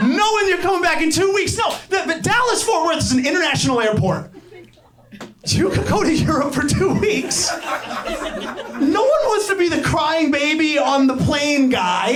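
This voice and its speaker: A young adult man doing a stand-up comedy set, animated and incredulous, swearing freely. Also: very high voice, a little hiss or hum. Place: comedy club stage. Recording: roomy live club sound with crowd. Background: laughing audience.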